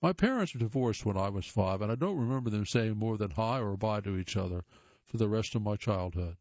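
Mellow man reading stories aloud. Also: lowish voice, animated, brisk, no room sound, lo-fi sound. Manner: plain reading with occasional stumbles and restarts. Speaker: reader of listener stories.

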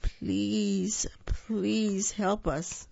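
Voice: medium pitch, moderate pace, vocal fry, darkish tone, a little hiss or hum, pitched above the performer's own voice, natural voice. A reader voicing a chorus of small dolls and toys who plead for help, on a dull, slightly lo-fi recording. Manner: begging, tearful.

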